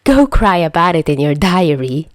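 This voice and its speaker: A woman voicing a cocky young man who speaks slowly and smugly. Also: lowish voice, very animated, no echo, studio quality. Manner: smug, slow and drawling. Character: cocky short-tempered young man, smug.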